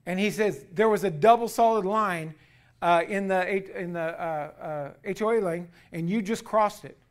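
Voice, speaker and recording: A man's voice: high voice, normal speed. A man preaching a sermon, reading scripture with emphasis and retelling a story with many fillers. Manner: frequent fillers, swings from loud emphasis to quiet asides. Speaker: pastor.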